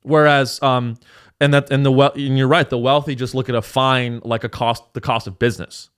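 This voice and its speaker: A man's voice: medium pitch, level tone, normal speed, fairly bright tone, clean tone. A man hosting a podcast, talking casually in a rambling, profane and sarcastic way. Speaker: podcast host. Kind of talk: casual chat.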